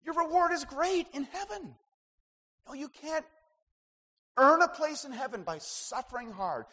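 A man preaching a sermon as pastor, swinging between loud emphasis and hushed asides. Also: very high voice, animated, unhurried, long reverb tail.

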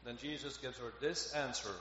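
A man's voice: medium pitch, steady tone, normal speed, bright, forceful tone. A man preaching a sermon, earnest and growing emphatic on key phrases. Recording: echoey hall, dull lo-fi, faint noise.

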